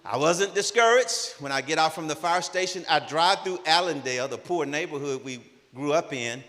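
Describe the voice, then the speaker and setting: A man in his sixties telling a personal story at a conference, animated and acting out the dialogue. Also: a little high, normal speed. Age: 60s. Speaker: conference speaker. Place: conference hall. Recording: long reverb of a large hall.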